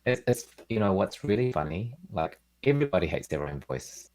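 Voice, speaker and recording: A man with a New Zealand accent, chatting as a guest over a video call in a relaxed, rambling way with lots of fillers. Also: on the low side, a little fast. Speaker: guest, keyboard builder and streamer.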